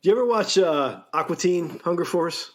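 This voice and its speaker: A man's voice: high-pitched, expressive, moderate pace. A man hosting a podcast, chatting casually and laughing at his own jokes. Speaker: podcast host. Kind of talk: casual chat.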